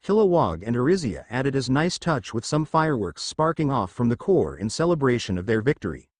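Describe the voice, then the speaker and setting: A man narrating a fan fiction story in a steady, expressive reading voice. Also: mid-range voice, a little fast, no echo.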